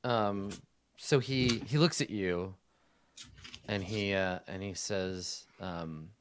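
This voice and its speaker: A man's voice: low voice, takes it slowly, slight background noise. A man acting as game master, narrating a tabletop game with hesitant fillers.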